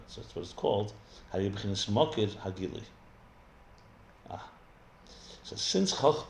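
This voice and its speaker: A rabbi with a lowish, darkish voice teaches a live text study class. He explains as he reasons aloud, restarting sentences many times, and the recording has an echoey room sound with faint ambience.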